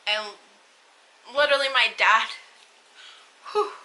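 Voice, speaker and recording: A young woman telling a personal story on her vlog in a casual, halting way, turning tearful. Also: a little high, pushed and bright, rough recording. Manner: emotional, tearful retelling, halting. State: crying at times. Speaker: vlogger.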